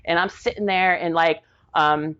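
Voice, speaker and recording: Low-voiced woman, rambling casual storytelling. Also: steady tone, moderate pace, fairly bright tone, clean tone, lo-fi sound. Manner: rambling, heavy use of "like", acts out quoted people. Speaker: guest, Army veteran.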